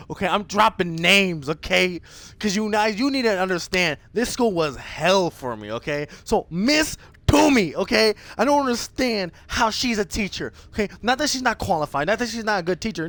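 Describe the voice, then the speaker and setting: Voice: mid-range voice, no room sound. Fired-up streamer ranting a school story, voice jumps all over, dry close mic. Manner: indignant, keeps asking "okay?"; animated storytelling with big swings of voice. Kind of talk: storytime rant on a live stream.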